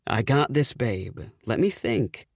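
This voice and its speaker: A man voicing an easygoing, amused male doctor who teases his panicking fiancé in a calm, chuckling way. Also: mid-range voice, slow, creaky, no echo, clean studio sound, voice pushed down, exaggerated voice. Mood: teasing.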